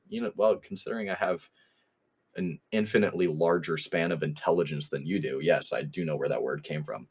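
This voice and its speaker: A man's voice: deep voice, brisk, breathy edge. A young man co-hosting a podcast, rambling through an anecdote in casual chat and laughing often. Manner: rambling anecdote, quoting others with "I was like", frequent laughs. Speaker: podcast co-host.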